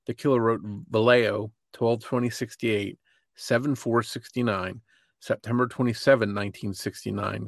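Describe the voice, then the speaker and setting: A man co-hosting a podcast, reading a true-crime script in a measured way. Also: mid-range voice, creaky, a bit bright, no room sound, studio quality. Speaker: podcast co-host.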